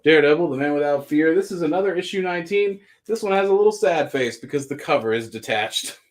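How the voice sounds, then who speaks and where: Man, live-sale host, casual rambling jokes, slightly high voice. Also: fast. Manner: joking, rambling asides between listings. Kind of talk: casual live-stream selling.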